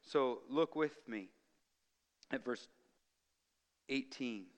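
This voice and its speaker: A man preaching a sermon as pastor, swinging from hushed, drawn-out phrases to loud, emphatic ones. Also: mid-range voice, big-room sound.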